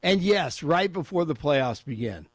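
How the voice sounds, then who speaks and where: A man's voice: on the high side, lively intonation, unhurried, no echo, clean studio sound. A man on talk radio reading a sports update and joking with the hosts, laughing often. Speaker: sports and news update anchor. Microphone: studio microphone.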